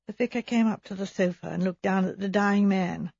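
A woman reading a story aloud in measured, even narration. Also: mid-range voice, creaky, no room sound. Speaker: audiobook reader. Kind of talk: scripted narration. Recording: slightly dull recording.

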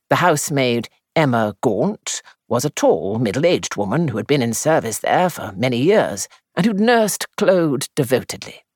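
A man narrating a first-person mystery story in a measured, composed way. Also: mid-range voice, no echo, clean studio sound. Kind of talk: audiobook narration.

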